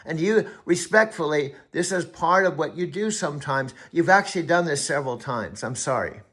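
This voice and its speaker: Insistent man with a bright, forceful voice. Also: on the high side, expressive, normal speed. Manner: emphatic, insistent, repeats himself. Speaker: host and AI coach. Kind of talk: casual heated conversation.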